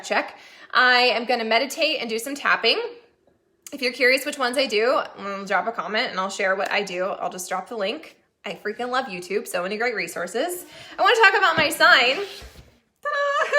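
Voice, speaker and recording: A woman's voice: a little high, bright, forceful tone. A woman talking casually to camera in a motivational vlog, chatty and upbeat, with casual swearing. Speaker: vlogger.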